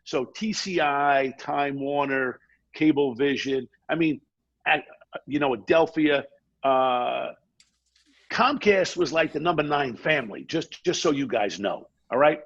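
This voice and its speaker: Gravelly, husky man telling stories. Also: fairly high pitch, muffled recording. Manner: fast, energetic anecdote-telling with quoted asides. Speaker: podcast guest. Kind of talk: animated storytelling.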